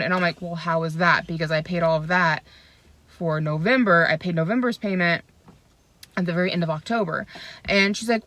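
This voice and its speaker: A woman's voice: lowish voice, normal speed, fairly bright tone, no echo. A young woman vlogging from her phone, venting in a frustrated, chatty way about her day. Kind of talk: casual vlog chat.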